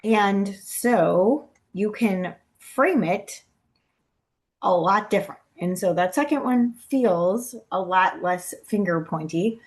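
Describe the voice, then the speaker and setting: A woman presenting a talk on brain health to caregivers, speaking casually with lots of "you know" and "um", gentle and encouraging. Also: medium pitch, slow.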